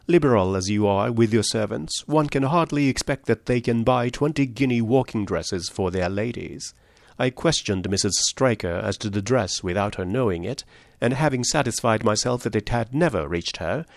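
A man reading a story aloud, voicing a shrewd male detective who lays out his deductions in a measured, precise way. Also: lowish voice, gravelly, no room sound, studio quality.

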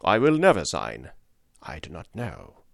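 A man voicing a starved, defiant young male captive who answers in a weak, low voice. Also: expressive, moderate pace, no echo, studio quality.

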